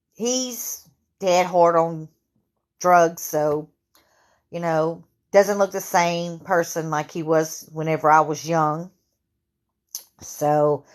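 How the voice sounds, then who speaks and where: Slow, low-voiced woman in her fifties. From Louisiana. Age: 50s. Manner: halting, with many fillers and restarts. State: sore throat, clearing it. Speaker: vlogger. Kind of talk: candid storytelling to camera.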